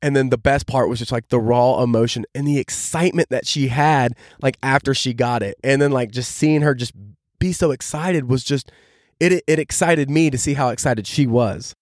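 A young man hosts his own podcast and tells a long story in an eager, casual rush, with "like" dropped into almost every phrase. His voice sits at an ordinary middle pitch. The sound is dry and close, with no room echo. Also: moderate pace. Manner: enthusiastic, heavy use of "like" fillers. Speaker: podcast host.

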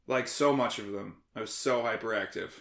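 A man talking as a guest in a casual conversation, animated, sarcastic and freely profane. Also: on the low side, moderate pace. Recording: roomy echo.

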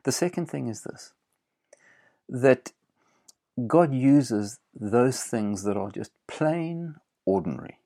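A man preaching a sermon, earnest and emphatic, repeating phrases with pauses and fillers. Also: medium pitch, lively intonation, dark tone, no echo, clean studio sound.

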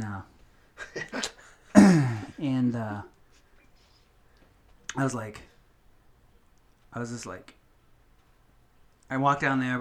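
A man's voice: mid-range voice, a bit bright. A young man casually telling a long story on a podcast, rambling and cursing, with lots of fillers and restarts.

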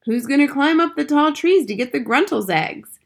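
A woman voicing an eager young boy who has been turned into a mouse, excitedly asking questions in a storybook reading. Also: high-pitched, normal speed, pitched above the performer's own voice.

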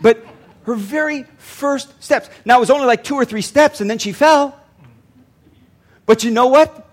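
A man's voice: very high voice, moderate pace. An older man, a pastor, preaching a sermon earnestly and repeating lines for emphasis.

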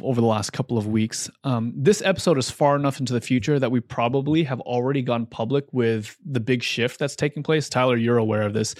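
A man's voice: mid-range voice, no room sound, clean studio sound. A young man co-hosting a casual faith podcast, talking in a reflective, chatty way. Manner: affirming listener, reflective and chatty. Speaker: podcast co-host.

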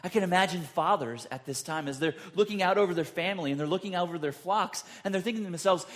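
A man preaching a sermon, acting out the people's words with sudden jumps in pitch and loudness. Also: fairly quick, few pauses. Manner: dramatic, acts out quotes with big pitch jumps. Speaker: pastor.

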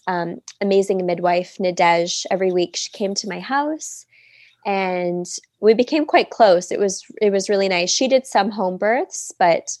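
A woman's voice: lowish voice, a little mellow, no room sound. A woman in her thirties, a podcast guest, telling a personal story in a casual, chatty way with lots of "like" fillers. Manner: chatty, many "like" fillers, acts out quoted speech.

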